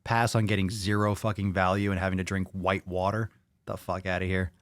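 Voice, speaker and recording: A man's voice: low voice, flat delivery, brisk, no room sound, studio quality. A man hosting a podcast, reading viewer comments aloud and reacting to them bluntly, with a lot of swearing. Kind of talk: casual chat.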